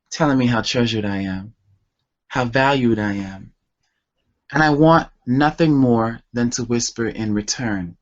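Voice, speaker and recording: A man reads poetry at an unhurried, measured pace, lingering over each line with deep feeling. The sound is dull and lo-fi, like an older internet radio show. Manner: slow, deliberate, emotional delivery. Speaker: poet and author guest. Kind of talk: slow poetry reading and chat.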